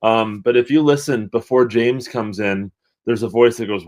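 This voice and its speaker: A man's voice: medium pitch, steady tone, moderate pace, a little mellow. A man who is a guest on a music podcast, chatting casually and eagerly sharing what he knows. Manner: chatty, eager to share knowledge. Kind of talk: casual chat.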